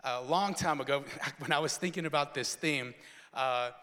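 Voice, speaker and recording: A man preaching a sermon to a congregation, telling a story with rising excitement and shouting. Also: fairly high pitch, normal speed. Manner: animated, builds to excited shouting. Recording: long hall reverb.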